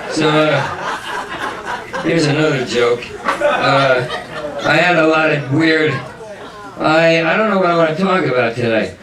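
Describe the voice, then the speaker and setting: A stand-up comic, delivering manic, profane rants, often shouting and laughing. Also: male voice, a little high, unhurried, pauses often, far from the mic, noisy background. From New York. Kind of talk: stand-up comedy. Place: comedy club. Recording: roomy club recorded from afar with crowd.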